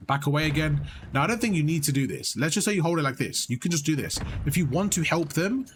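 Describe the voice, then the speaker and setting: A young man giving blunt, animated coaching on gameplay, swearing freely as he explains. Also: a little high, quick pace, background noise. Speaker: gaming coach. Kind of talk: casual coaching over gameplay.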